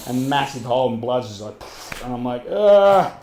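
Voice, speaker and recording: A man's voice: medium pitch, steady tone, fairly quick, a little mellow. A man with an Australian accent, a podcast guest telling a story casually, laughing often and swearing in Aussie slang. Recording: echoey room with faint ambient noise.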